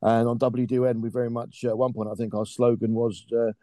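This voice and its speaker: A man's voice: medium pitch, little pitch movement, fairly quick, hardly any pauses, warm tone, dry recording. A middle-aged man in a casual podcast chat, a football commentator who talks in long, wordy, drily ironic runs with plenty of fillers and puns.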